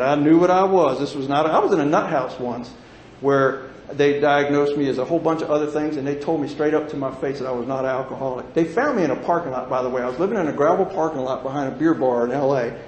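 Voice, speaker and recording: An older man in his sixties shares his story with a meeting in a folksy, plain-spoken way, with a slightly raised voice. He speaks in a roomy hall that gives his words a clear echo, and a faint hum of the room sits behind him. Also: fairly high pitch, fast talker. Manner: folksy, plain-spoken, animated when joking. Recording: echoey room with faint ambience.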